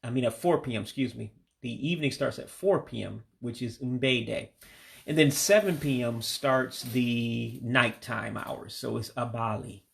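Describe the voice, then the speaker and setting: Gravelly man teaching vocabulary. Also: medium pitch, a bit bright. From United States. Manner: patient, repeats each word slowly for practice. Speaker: language learner teaching vocabulary. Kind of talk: home-made vocabulary lesson.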